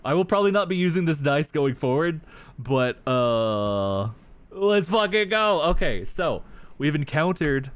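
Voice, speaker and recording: A young man streaming a tabletop game, chatting casually and ranting with lots of swearing. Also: medium pitch. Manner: animated, profane ranting to chat. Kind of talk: casual livestream chat.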